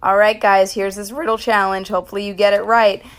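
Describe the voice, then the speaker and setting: A woman's voice: medium pitch, level tone, fairly quick. A young woman in her twenties doing crude, goofy comedy sketches into her phone with playful voice changes. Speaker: content creator.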